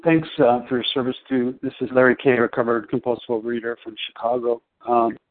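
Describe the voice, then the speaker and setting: A man shares at a recovery meeting, often repeating words as he searches for what to say. His voice sits at a middle pitch and comes through a narrow, phone-like line. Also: little pitch movement. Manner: halting, searching. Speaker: meeting member sharing. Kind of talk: personal sharing at a recovery meeting. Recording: tinny phone-line audio.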